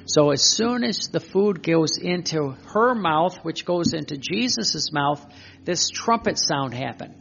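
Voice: mid-range voice, animated, a little slow, vocal fry, fairly bright tone, muffled recording, slight background noise. A preacher giving emphatic spoken religious teaching, repeating phrases and asking rhetorical questions.

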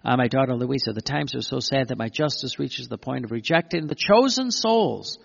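A man preaching a sermon, reading passages aloud and commenting on them with emphatic phrasing and frequent pauses. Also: mid-range voice, animated, gravelly, husky. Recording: dull lo-fi recording with long hall reverb.

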